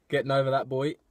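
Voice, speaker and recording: A man's voice: mid-range voice, no room sound. A young man in casual interview chat, laid-back and mumbling his asides. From Australia. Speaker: footballer guest.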